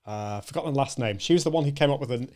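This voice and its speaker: A man's voice: mid-range voice, rapid-fire, a little mellow. Man, host, encouraging, stop-start phrasing, casual chat. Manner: encouraging, hesitant with many restarts. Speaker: show host. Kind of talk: casual conversation.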